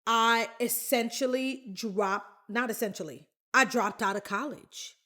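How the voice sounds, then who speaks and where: Podcast host, woman, unhurried candid storytelling, talks right to her listeners in a slightly high voice. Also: sharp tone. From the Bronx, New York. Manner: chatty and candid, addresses listeners directly. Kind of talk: personal storytelling.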